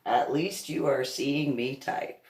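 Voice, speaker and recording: A woman's voice: a bass voice, slow, a little mellow. A woman from New Jersey talking casually to her viewers, rambling through stories and often breaking into laughter. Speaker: vlogger, reverend. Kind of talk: casual monologue. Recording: roomy echo.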